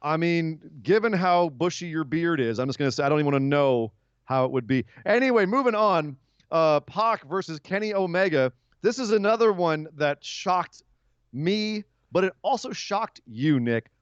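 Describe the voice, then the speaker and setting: A man's voice: fairly high pitch, animated, moderate pace, clean tone, dry recording, dull audio. A man hosting a wrestling podcast, chatting casually and teasing his co-host. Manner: joking, ribbing his co-host.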